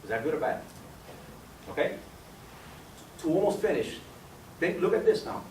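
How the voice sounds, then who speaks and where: A man presenting a business opportunity to a room of guests, his slightly high voice pushing hard to persuade. He fires questions at the listeners and calls on them by name. The sound is roomy and echoing, picked up from a distance, with a faint hum of background noise. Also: sing-song, moderate pace. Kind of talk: sales pitch to an audience.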